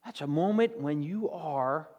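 A man's voice: fairly high pitch, animated, measured pace, darkish tone, in a large hall, lo-fi sound. A man preaching a sermon to his congregation, talking conversationally and often checking in with "okay?" and "all right?". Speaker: pastor. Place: church hall with congregation.

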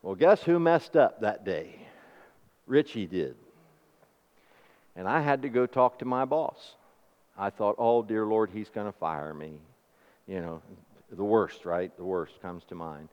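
Animated preacher man in an echoing hall. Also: lowish voice, unhurried, pauses often. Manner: animated call-and-response preaching with homely stories. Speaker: pastor. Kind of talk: sermon. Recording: dull recording with long hall reverb.

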